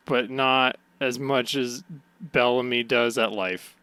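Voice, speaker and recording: A man's voice: mid-range voice, slow, a bit bright, smooth, dry recording. A man co-hosting a podcast in casual banter, teasing his partner and laughing often. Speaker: podcast co-host.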